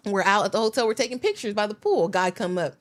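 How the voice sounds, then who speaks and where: An American woman, a podcast guest, telling stories in a lively, slangy, casual way. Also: mid-range voice, quick pace. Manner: animated storyteller, slangy. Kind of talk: casual chat.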